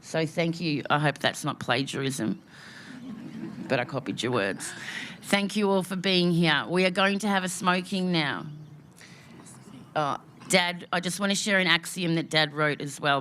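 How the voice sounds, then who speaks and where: A woman's voice: low-pitched, normal speed, fairly bright tone, slight background noise. An Australian woman speaking at an outdoor memorial gathering, giving a heartfelt, emotional welcome speech with rhythmic repeated phrases.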